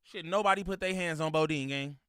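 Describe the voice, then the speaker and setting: A man hosting a casual reaction commentary, ranting in a profane, animated way between laughs. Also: fairly high pitch, fairly quick, clear, resonant tone, no room sound. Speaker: show host reacting to clips.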